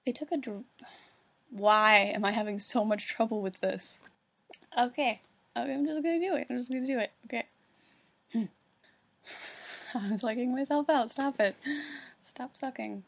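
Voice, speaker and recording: A woman's voice: on the high side, normal speed, gravelly, long pauses. A woman at home reading a fan story aloud into her computer, stumbling over words, swearing and laughing at herself. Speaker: reader. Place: at home alone. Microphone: computer microphone.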